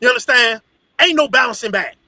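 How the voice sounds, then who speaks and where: A man teaching a congregation in an animated, profane, storytelling preaching style. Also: extremely high pitch, fairly quick, vocal fry, poor audio. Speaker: religious teacher.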